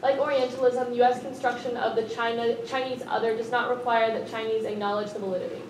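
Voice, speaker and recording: Woman reading text out loud, stumbly, far away in an echoey room. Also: fairly high pitch, level tone. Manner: halting, stumbles over words. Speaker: student reading evidence aloud. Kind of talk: reading aloud. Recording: echoey room, far from the mic, noticeable noise.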